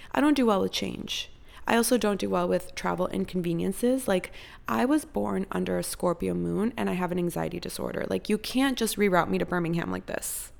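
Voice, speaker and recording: A woman's voice: medium pitch, vocal fry. A young adult woman telling a chatty, dramatic story in a casual vlog and saying "like" a lot. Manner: chatty and dramatic, heavy use of "like".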